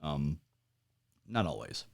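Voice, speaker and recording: A man in his forties, an American military veteran, telling his story as a podcast guest in a halting way, with lots of fillers and wry laughs. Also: very deep voice, big pitch swings. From United States. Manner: halting, many fillers, laughs at grim moments. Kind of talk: conversational interview storytelling.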